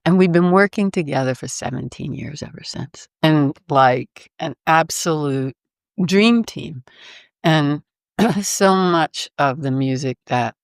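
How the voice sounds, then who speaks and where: A woman's voice: sits low, slow pace, clean tone, dry recording, studio quality. A woman guest on a podcast, a vocal artist, telling a story animatedly and laughing often between sentences. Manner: lively, laughs often mid-sentence, acts out her own reactions. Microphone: podcast microphone.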